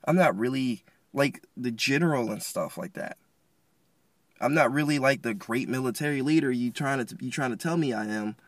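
A man voicing an exasperated, defensive biblical hero who talks back in a loud, raised, slangy voice. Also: normal speed, no room sound, lightly acted. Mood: defiant. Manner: indignant, slangy, loud and high.

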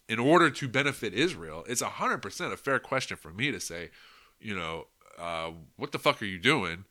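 A man's voice: mid-range voice, sharp tone. A man talking in a casual, unscripted monologue, rambling and swearing freely, with lots of "you know" and "like". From United States. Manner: rambling and profane, heavy with "you know" and "like" fillers. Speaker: podcast host.

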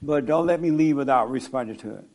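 A man's voice: medium pitch, fast talker, a little mellow. A man leading a casual church discussion, joking and pressing questions back at his listeners. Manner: joking, questioning, plain-spoken. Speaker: pastor leading a group discussion. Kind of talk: casual teaching and Q&A.

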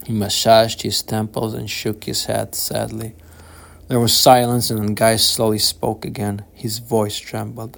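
Slow, gravelly male audiobook narrator. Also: lowish voice, flat delivery. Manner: slow, measured, solemn reading. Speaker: author reading his own book.

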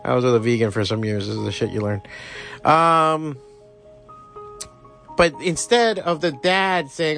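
A man's voice: a little high, measured pace, long pauses, a bit bright, faint music behind. A man hosting a podcast, ranting with heavy swearing and sarcastic asides. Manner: heated, sarcastic, swears constantly. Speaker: podcast host. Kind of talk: profane ranting commentary.

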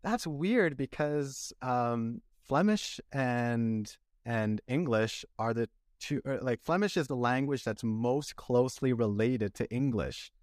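Man, podcast host, mid-pitched voice, dry close mic, friendly, curious questions. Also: takes it slowly, few pauses, darkish tone, no echo. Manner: friendly, curious, laughs easily. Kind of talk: casual podcast interview.

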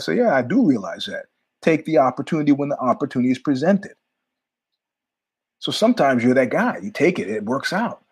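Rambling husky-voiced male podcast host. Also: medium pitch, a little fast. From New York. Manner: rambling, animated, jumps between tangents with asides. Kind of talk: casual monologue storytelling.

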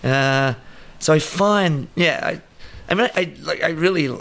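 A man's voice: fairly high pitch, unhurried, a bit bright. An Australian man in his fifties, a guest chatting casually in an interview, rambling with many fillers and acted asides. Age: 50s. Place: New York.

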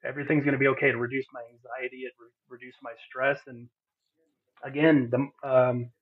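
Earnest husky man on a thin line. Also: mid-range voice, level tone, a little fast. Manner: earnest, heartfelt, many fillers and restarts. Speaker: podcast guest. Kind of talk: candid personal testimony. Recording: phone-like narrow sound.

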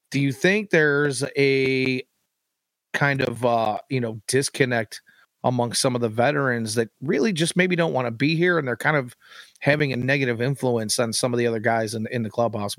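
A man's voice: mid-range voice, a bit bright, dry recording. Rambling male podcast host, dry sound. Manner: rambling questions filled with "you know". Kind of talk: casual sports chat.

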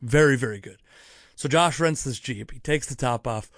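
A young podcast host talks directly into a close mic in a dry, dead room, rambling through a story in casual chat. He swears freely and keeps interrupting himself to chase side thoughts before returning to the point. His voice is medium-pitched at a normal speed.

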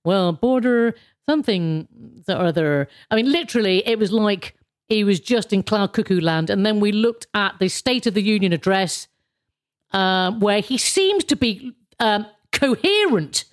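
A woman's voice: medium pitch, lively intonation, unhurried. Woman, show host, casual rambling recap, sardonic asides, lots of ums and restarts. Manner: rambling, chatty, sardonic, many fillers and restarts.

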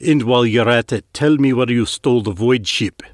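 A man's voice: medium pitch, a little fast, no echo, lightly acted. A man voicing a wounded male mechanic who speaks in a blunt, demanding tone, read close to a dry mic. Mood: gruff demanding.

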